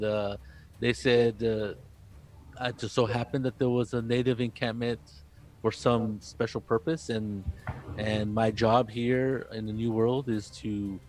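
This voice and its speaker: A man voicing an earnest traveling missionary priest, talking haltingly with many fillers. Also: medium pitch, lightly acted.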